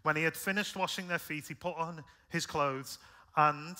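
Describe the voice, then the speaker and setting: A British man preaching a sermon, conversational and earnest, rising in force then dropping soft. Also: fairly high pitch, fairly even intonation, normal speed. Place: church.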